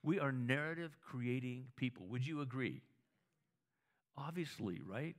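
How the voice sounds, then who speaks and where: His pitch is medium and his pace a little slow as he preaches in a chatty, storytelling way. Frequent restarts and repeated words mark his delivery, and he keeps asking the audience if they agree.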